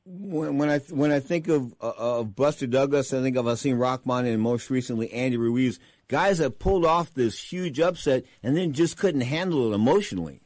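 A man interviewing a boxing broadcaster, chiming in with quick conversational remarks. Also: medium pitch, animated, a little mellow, no room sound. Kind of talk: casual interview questions.

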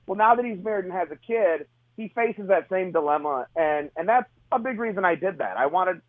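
A man's voice: fairly high pitch, no room sound. Earnest man on a tinny phone line. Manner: earnest, restarts often. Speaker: author guest. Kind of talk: casual interview talk.

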